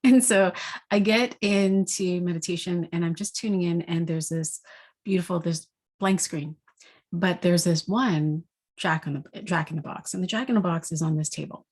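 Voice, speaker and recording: A woman, an intuitive energy coach, giving a spoken forecast with gentle, vivid storytelling. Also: lowish voice, moderate pace.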